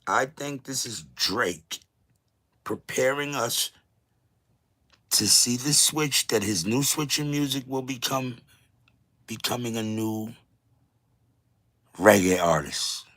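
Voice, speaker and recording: Man, live stream host, casual commentary, profane ranting, bright forceful tone. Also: medium pitch, slow pace, long pauses. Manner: loud, profane, animated ranting.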